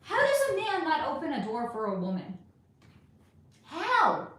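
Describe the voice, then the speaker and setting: A woman's voice: sits high, huge pitch swings, unhurried, fairly bright tone. A middle-aged woman hosting a casual livestream, reading chat comments aloud and ranting with plenty of swearing. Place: home room. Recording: echoey room.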